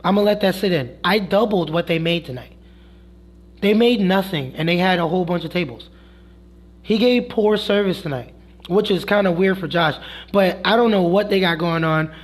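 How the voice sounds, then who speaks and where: Young man, high voice, fired-up storytelling, profane, quotes the whole argument himself. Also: normal speed. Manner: animated, profane, quotes others in his own voice. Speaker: streamer telling a story. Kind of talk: heated storytelling vlog.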